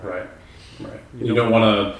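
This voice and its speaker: Relaxed male host, lots of fillers, mid pitch, recorded from afar in a very echoey room. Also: unhurried, slight background noise. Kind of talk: casual conversation. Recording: echoey room, distant from mic.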